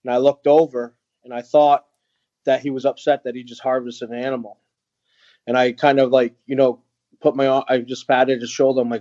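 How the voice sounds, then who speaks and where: A man with a middle-pitched voice tells his story as a podcast guest, earnest and halting, full of pauses and restarts. The audio sounds dull and lo-fi. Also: level tone, warm tone. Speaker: guest, veteran who runs an outdoor organization for veterans. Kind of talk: candid storytelling in interview.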